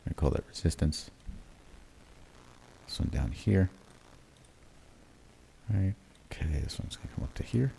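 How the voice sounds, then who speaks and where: A man with a deep, creaky voice speaks unhurriedly and pauses often, with a bit of hiss or hum in the audio. He hosts a crypto trading livestream, casually thinking aloud and correcting himself as he marks up charts, with many fillers and "right?" tags.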